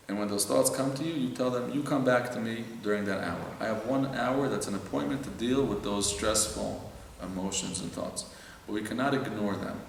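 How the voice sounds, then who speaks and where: A man, a rabbi, giving earnest, heartfelt spiritual teaching in a synagogue, slow and emotional, acting out inner voices. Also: fairly low pitch, creaky. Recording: echoey hall with faint noise.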